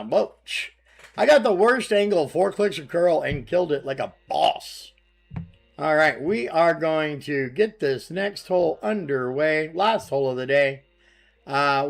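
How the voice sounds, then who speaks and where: A man giving casual, relaxed commentary on his own gameplay, thinking aloud with plenty of ums and uhs. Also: fairly high pitch, vocal fry. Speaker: gaming streamer.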